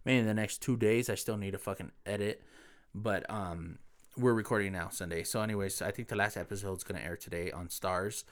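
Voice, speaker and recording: A man's voice: fairly low pitch, fairly even intonation, brisk. A man hosting a podcast in loose casual chat, laid-back, swearing freely and full of fillers. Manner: laid-back, heavy cursing, lots of fillers. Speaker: podcast host.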